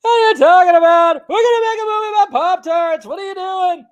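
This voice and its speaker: A man doing a deliberately bad impression of a famous comedian, with a whiny, incredulous sitcom delivery. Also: extremely high pitch, voice pushed up.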